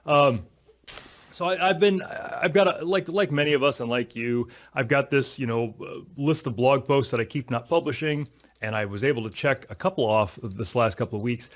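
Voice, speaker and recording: A man co-hosting a tech podcast, talking in a rambling, self-mocking, chatty way. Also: mid-range voice. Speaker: podcast co-host. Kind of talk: casual tech podcast chat.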